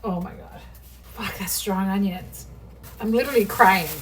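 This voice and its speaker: A middle-aged woman chats away while she cooks, swearing freely and talking straight to the camera. Her voice comes from a phone on a tripod across the kitchen, a little distant and set against steady background noise. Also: medium pitch, normal speed. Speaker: home cooking vlogger. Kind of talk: casual kitchen vlog chat. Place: home kitchen.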